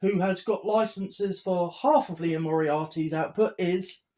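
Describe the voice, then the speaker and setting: A woman's voice: on the low side, measured pace, mellow. Woman with dry, wry quips. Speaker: podcast co-host. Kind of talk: casual chat.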